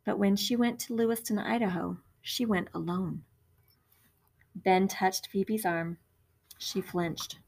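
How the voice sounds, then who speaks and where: A woman reading a first-person audiobook in a gentle, reflective storytelling manner. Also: medium pitch, steady tone, slow, gravelly. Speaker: audiobook narrator.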